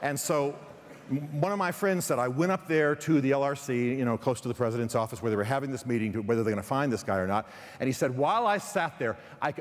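Male preacher, texan accent, lively storyteller, mid pitch, long hall echo. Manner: storytelling, animated, quick asides and restarts. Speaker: guest speaker. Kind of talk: chapel sermon. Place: large hall.

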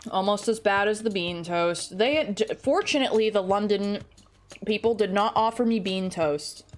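Her mid-range voice moves at a moderate pace as she streams from home, joking around and running herself down in loose gaming chatter. The sound comes from a close desk microphone.

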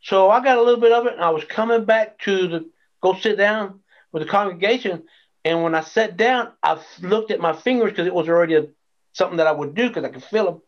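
A man's voice: high-pitched, quick pace. Man telling his testimony, dull lo-fi sound. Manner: animated storyteller acting out quoted dialogue. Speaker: interview guest sharing his testimony. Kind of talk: personal testimony storytelling.

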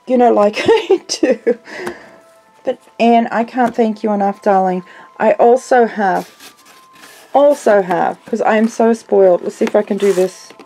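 A woman's voice: mid-range voice, a little slow, warm tone. A woman vlogging casually from her home art room, exclaiming delightedly over each craft item she unpacks. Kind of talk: casual chat opening happy mail.

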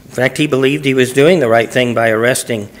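A man's voice: mid-range voice, steady tone, a little fast. A man, a pastor in church, teaching through a Bible passage verse by verse, reading each verse aloud and explaining it phrase by phrase in plain, conversational words.

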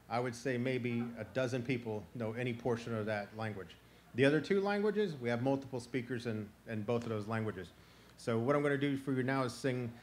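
A man from Florida telling a traditional animal tale live to an audience, conversational and animated, breaking into chanted song. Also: mid-range voice. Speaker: storyteller. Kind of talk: live oral folk storytelling.

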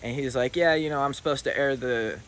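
A young man spins a personal story in a loose, rambling way, swearing freely as he goes. His voice sits at an ordinary middle pitch. He sounds like he is talking straight to the camera in a casual storytime. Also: fairly quick, slight background noise. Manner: loose, profane, animated retelling.

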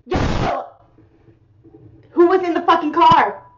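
An excitable young woman reacting to a music video curses in shock, gasping and exclaiming in a very high voice at a slow pace. The audio of her reaction commentary is slightly muffled, with the video's music playing behind her.

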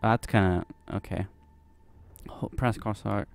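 A man's voice: lowish voice, steady tone, unhurried, vocal fry. A young man giving nervous, rambling commentary while playing a horror game, full of fillers. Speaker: gameplay commentator. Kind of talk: let's play commentary.

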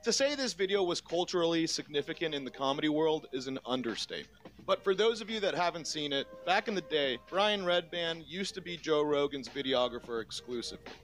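A man narrating a comedy history video in a measured, explanatory way. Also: fairly high pitch, lively intonation, fairly bright tone. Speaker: comedy commentary YouTuber. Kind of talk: scripted reaction narration.

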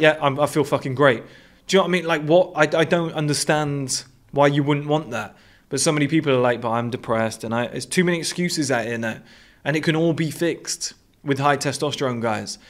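A man's voice: fairly high pitch, brisk. A man giving a blunt, profane, emphatic monologue as host. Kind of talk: opinionated monologue.

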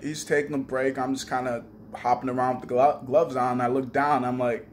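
A man's voice: mid-range voice, level tone, a little fast, hardly any pauses, a little hiss or hum. A young man casually telling a story on a vlog, swearing freely and acting out his own trash talk. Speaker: vlogger.

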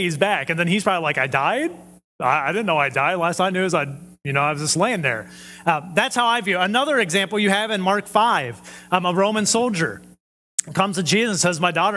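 Bright-voiced male pastor in a reverberant hall. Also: sits high. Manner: conversational, asks the audience questions; acts out quoted voices animatedly. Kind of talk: sermon. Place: church hall. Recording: long church hall reverb.

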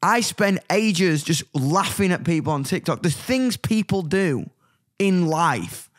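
Excitable young man, dry close mic. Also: fairly high pitch, no echo. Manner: excitable, sweary, rushing bursts. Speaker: guest musician. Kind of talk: casual chat.

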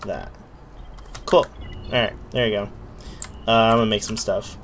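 A man's voice: mid-range voice, fairly even intonation, slow pace, pauses often, a little hiss or hum. A man giving casual, muttering commentary while playing a video game, swearing when surprised.

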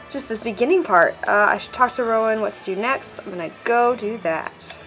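A woman casually commenting while playing a mobile game, chatty and excitable, reading the on-screen text aloud. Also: fairly high pitch, moderate pace, soft background music. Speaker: gameplay vlogger. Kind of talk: casual let's-play commentary.

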